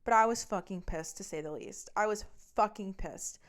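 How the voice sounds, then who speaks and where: Smooth-voiced woman telling a heated story. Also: mid-range voice. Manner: heavy swearing, fast and heated. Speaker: podcast host. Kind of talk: storytelling, personal anecdote.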